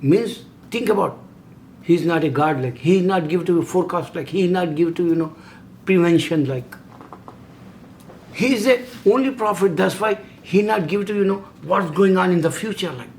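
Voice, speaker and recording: Middle-aged man, impassioned, slightly high voice. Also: expressive, normal speed, slight background noise. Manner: broken English, repeated emphatic rhetorical questions. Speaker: video host. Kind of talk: impassioned religious monologue.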